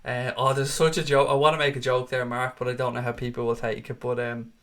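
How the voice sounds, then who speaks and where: A Dublin Irish man in his late thirties talks to his stream audience in a relaxed, easygoing way. His voice sits in a middling pitch, and he swears casually while addressing viewers as mate. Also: a little fast. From Ireland. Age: 30s. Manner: chatty, swears freely, calls viewers mate. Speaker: watchalong host. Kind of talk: casual live stream chat reading comments.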